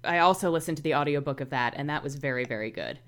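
A woman's voice: low-pitched, quick pace, fairly bright tone. A woman chatting casually about books, rambling with lots of fillers.

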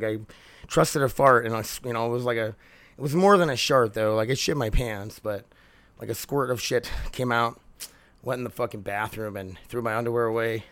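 A man's voice: medium pitch, vocal fry, a bit bright, no echo. A man hosting a casual solo podcast from home, rambling, swearing freely and laughing often. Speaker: podcast host.

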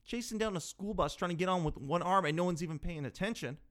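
A man in his twenties telling comic stories about his life, animated, jumping from loud yells to low mumbled asides. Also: fast. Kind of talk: comedic storytelling.

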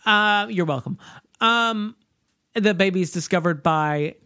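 A man's voice: sits high, unhurried, bright, forceful tone. Wry joking man recapping a film. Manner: wry, joking, with laughs and fillers. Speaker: podcast co-host. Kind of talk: casual chat recapping a film.

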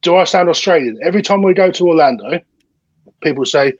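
A man's voice: on the high side, expressive, moderate pace, breathy edge, no echo, dull audio. An English man talking as a guest in casual chat, chatty and eager, often saying "you know". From England.

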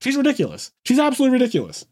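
A man talking casually and with lots of energy, his pitch bouncing widely as he acts out quotes. The sound is dry and close, with no room around it. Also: racing, no echo. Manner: animated, swearing, acts out quotes. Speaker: podcast co-host. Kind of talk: casual chat.

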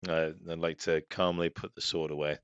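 A man's voice: rumbling low, little pitch movement, a little fast, smooth, no echo, dull audio. A man playing a tabletop role-playing game, talking in a playful, jokey way. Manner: playful and jokey, often laughing. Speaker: player. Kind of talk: casual tabletop role-play.

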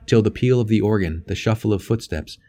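Measured, low-voiced male narrator. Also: warm tone. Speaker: audiobook narrator. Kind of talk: audiobook reading.

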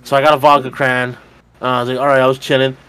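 A podcast co-host in his twenties tells a bar story in a smooth, fairly bright mid-range voice, talking fast but with flat delivery. The casual retelling wanders, is laced with swearing and fillers, and breaks into laughs.

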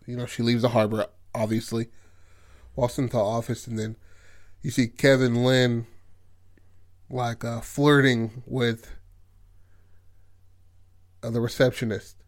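A man at an ordinary middle pitch, chatting casually as he walks a listener through a film's story. His talk is loose and profane, peppered with "like" and "you know what I mean." It is relaxed podcast storytelling. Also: a little slow, long pauses. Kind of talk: casual retelling of a film plot.

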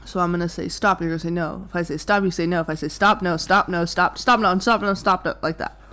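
A young woman with a somewhat low voice jokes around on a casual podcast. She talks in a playful, bossy way, steering her friend through silly word games. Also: fairly even intonation, fast talker, sharp tone. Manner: playful, bossy game-leading. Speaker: podcast co-host. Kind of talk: casual chat.

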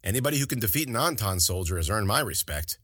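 A man's voice: fairly low pitch, sing-song, quick pace, fairly bright tone, slightly rough, no room sound, studio quality, full character voice. A man voicing an old, good-humored general who talks in a mocking, amused way in an audiobook story. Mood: coaxing. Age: older.

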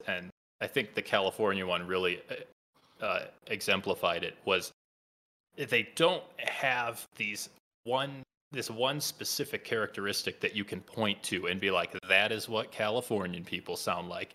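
Low, bright-voiced man chatting casually. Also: moderate pace. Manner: rambling, wry storyteller. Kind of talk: casual chat.

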